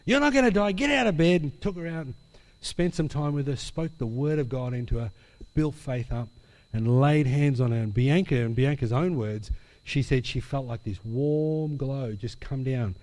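Brief: male pastor, mid pitch, lively sermon storyteller, big hall reverb. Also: normal speed. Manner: animated storyteller acting out dialogue.

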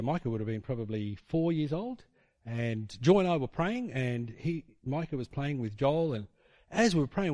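A man's voice: mid-range voice, a little mellow, no echo. A man preaching a sermon in a casual storytelling way, with fillers and tag questions.

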